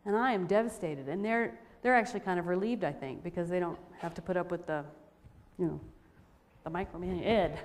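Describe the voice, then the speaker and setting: A woman sharing a personal testimony with a women's audience, telling her story in an animated, expressive way. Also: fairly low pitch, brisk. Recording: reverberant hall recording.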